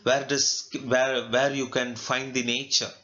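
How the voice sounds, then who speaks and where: Slow-talking Indian English teacher. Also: male voice, medium pitch, flat delivery, sharp tone. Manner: slow, repetitive explaining with fillers and rhetorical questions. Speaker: literature teacher. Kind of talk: classroom lecture explaining a poem. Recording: dull lo-fi recording.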